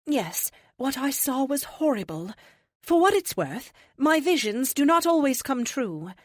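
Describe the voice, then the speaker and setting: A woman voicing a calm, knowing female oracle with a sing-song voice in an audiobook. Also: sits high, unhurried, no echo, studio quality, voice pushed up. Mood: serene. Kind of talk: audiobook character voice.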